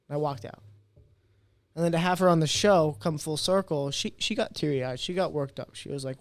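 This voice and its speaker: A man in his twenties, whose voice sits a little high, appears as a podcast guest in casual interview talk. He's animated, telling stories and quickly acting out what others said. The sound is dry and close, with no room echo.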